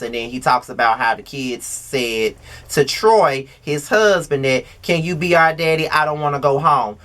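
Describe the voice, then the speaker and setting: A man recapping a reality TV episode to camera in a heated, profane rant, yelling at times. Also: on the high side. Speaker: reality TV reviewer.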